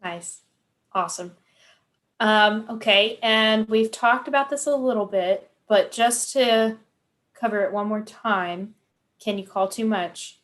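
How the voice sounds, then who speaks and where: A woman's voice: mid-range voice, takes it slowly, a bit bright. A woman hosting an online Q&A, thanking the guest and putting the next questions to him. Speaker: webinar host.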